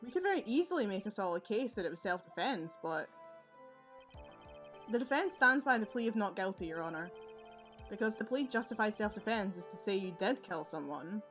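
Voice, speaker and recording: A woman's voice: mid-range voice, lively intonation, a little fast, fairly bright tone, faint music behind, natural voice. A woman reading the lines of an earnest young male defense attorney in a video game. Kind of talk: reading game dialogue aloud.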